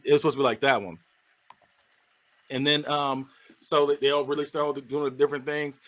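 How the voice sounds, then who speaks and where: Animated podcast host retelling a movie. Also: male voice, on the high side, brisk. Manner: animated retelling, acts out characters, laughs often. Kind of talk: casual movie recap chat.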